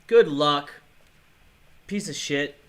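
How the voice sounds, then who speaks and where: A man reacting live while playing a mobile game, swearing and yelling in bursts, then muttering apologies and taunting his opponent. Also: fairly high pitch, takes it slowly. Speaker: gaming vlogger.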